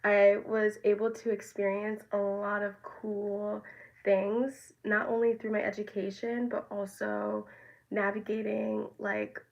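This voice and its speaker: A woman's voice: medium pitch, little pitch movement, takes it slowly, gravelly, darkish tone, lo-fi sound. A woman in her twenties from the United States, talking casually to her viewers with lots of fillers and tangents. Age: 20s. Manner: rambling, filler-heavy, tangents and restarts. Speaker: vlogger. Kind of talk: casual talking-head vlog.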